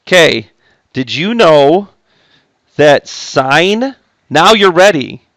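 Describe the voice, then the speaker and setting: Speaking extremely slowly with big pitch swings, a high school math teacher with a fairly high, a bit bright voice teaches a math class in a dry recording. It's a recorded classroom lesson, and he stays chatty, joking with students between steps.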